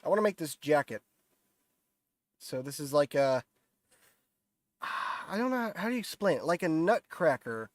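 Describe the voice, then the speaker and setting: A man's voice: fairly high pitch, very animated, normal speed, long pauses, no echo. Stuffy-nosed man rambling on stream. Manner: rambling, self-deprecating, lots of fillers and restarts. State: nasal, stuffy voice from a cold. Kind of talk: casual live-stream commentary while 3D modeling.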